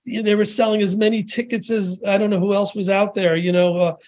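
Animated older man telling fan stories. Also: sits high, a little fast. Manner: animated, rambling anecdotes with restarts and quoted voices. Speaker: podcast guest. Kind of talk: casual storytelling interview.

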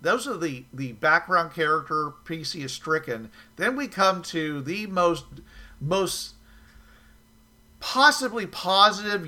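A man in casual chat about tabletop games, rambling and halting with many restarts. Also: a little high, pushed and bright.

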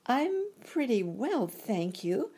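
Curious little girl put on by a woman, polite, lively pitch, slow, husky edge. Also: full character voice. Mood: wondering. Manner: polite, wondering, raised pitch. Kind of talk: storybook reading.

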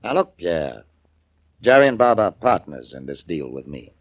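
An actor playing a gruff, streetwise criminal fence with a husky voice, in 1940s radio acting on a muffled old recording. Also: male voice, sits low, sing-song, moderate pace, full character voice.

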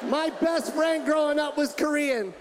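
A male stand-up comedian on stage with a loud, punchy, exaggerated delivery and a very high-pitched voice. The live club recording carries heavy crowd noise and constant background din. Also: unhurried.

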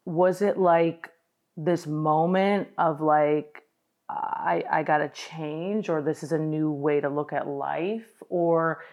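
Female podcast host, low voice, supportive, casual. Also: fairly even intonation, takes it slowly, darkish tone. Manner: supportive, affirming. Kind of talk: casual interview.

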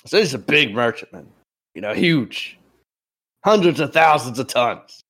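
A man running a tabletop game, briefing the players in a relaxed, rambling way while a bit under the weather. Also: medium pitch, moderate pace. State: a bit sick, clearing throat. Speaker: game master. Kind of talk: voicing a military chief in a tabletop game.

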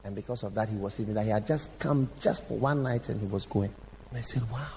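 A man preaching a sermon, telling stories with sudden shouts, acted quotes and direct questions to the congregation. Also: fairly low pitch, fast talker, gravelly. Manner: engaging the audience with direct questions. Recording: long hall reverb, faint background noise.

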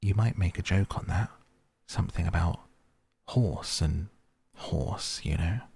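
A man's voice: low voice, measured pace, gravelly, dark tone, husky, dry recording, exaggerated voice. A man voicing a tiny, unhappy insect that speaks in a small pleading voice. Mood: teasing. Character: tiny sad insect, a gnat.

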